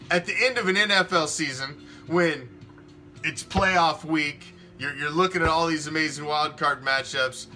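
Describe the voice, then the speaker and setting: A man's voice: sits high, pushed and bright. A man hosting a fan sports show, ranting emphatically and swearing a lot. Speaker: fan podcast host. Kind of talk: opinionated sports talk rant.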